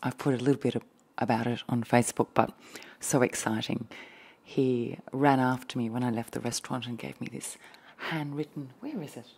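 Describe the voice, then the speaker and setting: A woman speaking as an ASMR host in a soft-spoken travel diary, drifting dreamily between whispers and a hushed voice in a hotel room. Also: very deep voice, steady tone, moderate pace, vocal fry, breathy edge.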